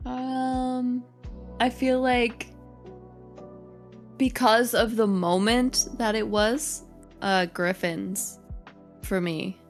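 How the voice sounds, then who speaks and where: A woman's voice: a little high, fairly even intonation, drawn-out words, long pauses, soft background music. A woman guest, a streamer and content creator, chatting casually in an interview, bubbly and giggly with lots of "like" fillers.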